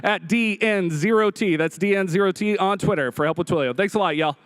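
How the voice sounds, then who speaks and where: A man from Rhode Island giving a joking, excitable live coding demo on stage at a hackathon. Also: sits high, smooth. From Providence, Rhode Island. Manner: joking, fast, excitable, frequent uh fillers.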